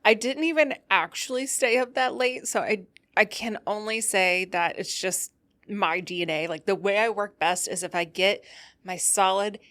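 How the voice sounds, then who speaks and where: A woman's voice: mid-range voice, normal speed, a bit bright. A tired, loopy woman hosting a casual solo podcast, rambling and laughing often as she tells a story. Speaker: podcast host.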